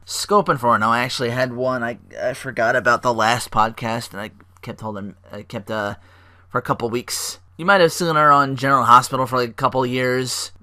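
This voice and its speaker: A man hosting a casual solo podcast, rambling excitedly with swearing and fillers. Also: mid-range voice. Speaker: podcast host.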